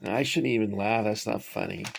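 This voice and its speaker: A middle-aged man casually showing his toy figures and rambling off on tangents with many pauses. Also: on the low side, wildly swooping pitch, vocal fry, slight background noise. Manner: rambling, digressive, many fillers. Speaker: toy collector reviewing figures. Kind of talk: casual show-and-tell.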